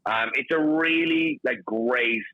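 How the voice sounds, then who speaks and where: A man's voice: medium pitch, slow, no room sound, phone-quality sound. A man, a chef being interviewed, chatting upbeat with lots of "like" and "you know". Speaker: chef and guest. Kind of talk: phone-in interview.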